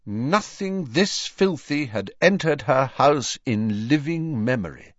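Slow expressive male audiobook narrator. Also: mid-range voice, dry recording. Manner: unhurried, expressive reading. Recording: slightly dull, dry audiobook recording.

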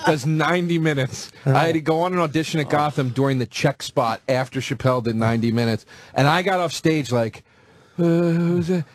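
A man, a stand-up comedian, telling excited, profane anecdotes in a casual radio chat. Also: medium pitch, normal speed, no echo.

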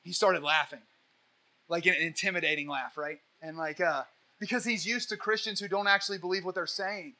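A young man giving an impassioned question-and-answer talk as a Catholic evangelist, rambling through energetic, preachy stories. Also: sits high, brisk.

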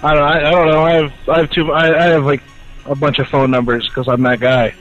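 A man's voice: fairly high pitch, flat delivery, a little fast, fairly bright tone, faint music behind. A man calling a radio show, talking in a stammering, hesitant way. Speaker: caller. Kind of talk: phone chat with a radio host. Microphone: phone. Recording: muffled phone line.

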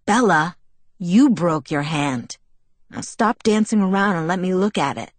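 A woman's voice: on the low side, lively intonation, unhurried, dry recording. A woman reading the lines of a cheerful, pushy teenage boy, teasing and earnest by turns. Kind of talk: audiobook dialogue.

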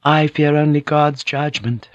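A man's voice: a little high, fairly even intonation, a little slow, no echo, voice pushed up, lightly acted. A resolute, devout noblewoman who speaks with formal courtesy and will not bend, as a male reader acts her out. The voice is lifted above the reader's own. The recording is dry and a little dull. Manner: formal, polite, firm.

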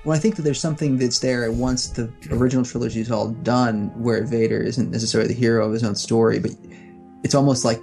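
A man's voice: medium pitch, steady tone, fast talker, gravelly, darkish tone, faint music behind. A man in casual podcast chat, thinking aloud with frequent restarts. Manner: thoughtful, restarts often.

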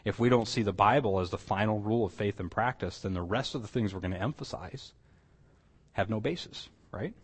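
A man's voice: fairly low pitch, brisk, slightly rough. A male pastor teaching a church class in a conversational way, asking his listeners questions. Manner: conversational, asks the room questions, restarts phrases. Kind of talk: sermon teaching, closing in prayer.

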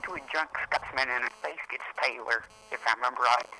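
A man's voice: mid-range voice, fairly even intonation, fast talker, background noise. A young man co-hosting a casual podcast chat, opinionated and fannish, arguing his points. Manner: opinionated, argues for book accuracy, fannish. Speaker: podcast co-host.

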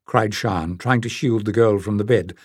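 A man narrating an audiobook in a measured, even way. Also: lowish voice, breathy edge, no echo, clean studio sound. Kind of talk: scripted narration.

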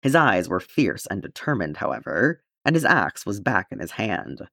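Brief: male audiobook reader, expressive storyteller, animated delivery. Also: fairly low pitch, moderate pace, gravelly, no echo, clean studio sound. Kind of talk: fan-fiction audiobook narration.

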